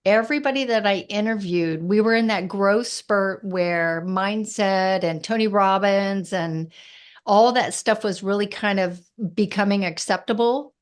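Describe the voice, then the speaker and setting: A woman's voice: medium pitch, a little slow. Female guest, entrepreneur, frank and down-to-earth delivery. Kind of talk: casual interview chat.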